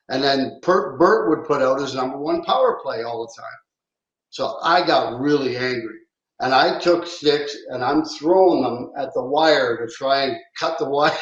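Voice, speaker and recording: A man's voice: mid-range voice, reverberant, muffled recording. A middle-aged man, a podcast co-host and former hockey coach, telling a story in a casual, easygoing way. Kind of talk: casual chat.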